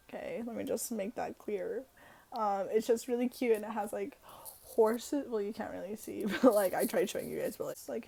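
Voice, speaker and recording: Teen girl vlogging in her room, fillers everywhere, giggly, slightly high voice. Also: a little mellow. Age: teens. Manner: chatty, filler-heavy, giggly. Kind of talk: casual storytime vlog. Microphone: camera in her room.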